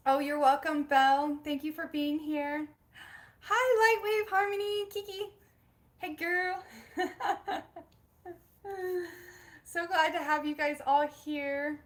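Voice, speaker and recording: Young woman, bubbly, giggly, casual livestream chat, somewhat high voice, at home. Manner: bubbly, giggly, reads out viewer names. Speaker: spiritual livestream host. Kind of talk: casual live-stream chat.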